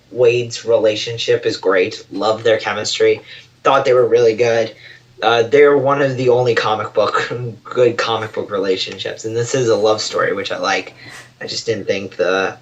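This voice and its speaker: Brief: man co-host, rambling, filler-heavy casual chat, dull lo-fi recording. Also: on the low side. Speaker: podcast co-host.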